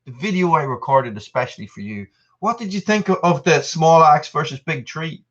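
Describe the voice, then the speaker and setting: A man in his thirties hosting a live stream, talking in loose, rambling chat and answering viewers as he goes. His voice is bright and forceful. The sound is dull and lo-fi. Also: fairly high pitch, expressive, moderate pace. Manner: rambling and chatty, reading out viewer messages. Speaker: channel host.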